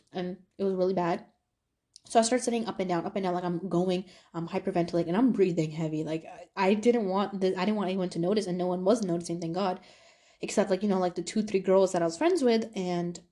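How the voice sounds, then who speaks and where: A young woman hosting a podcast, telling a personal story in a chatty, casual way, full of fillers and quoted back-and-forth. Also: medium pitch. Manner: chatty, animated retelling with quoted voices and fillers. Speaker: podcast host.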